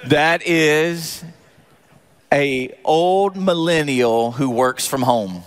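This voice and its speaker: A man preaching a sermon as pastor, animated and joking with the congregation in church. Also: on the high side, drawn-out words.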